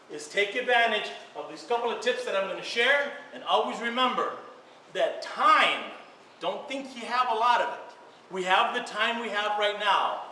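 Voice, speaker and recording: A man giving an energetic conference talk to an audience, stressing key words and repeating phrases for effect. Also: sits high, recorded from a distance, slight background noise. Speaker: speaker at a social media event. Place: event hall with an audience. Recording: echoey room picked up from afar.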